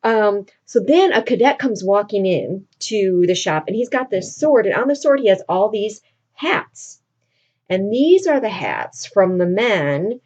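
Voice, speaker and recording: A woman teacher retelling a reading assignment in a relaxed, chatty way, peppered with fillers. Her voice sits at an average pitch for a woman. The recording is dull and lo-fi. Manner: chatty storytelling with many fillers. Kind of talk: casual lesson recap.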